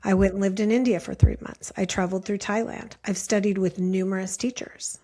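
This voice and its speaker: A woman's voice: mid-range voice, steady tone, brisk, dark tone. A woman in her late fifties, a meditation teacher, telling personal stories as a podcast guest in an earnest, thoughtful way with many "like" fillers. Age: late 50s. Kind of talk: reflective storytelling in conversation.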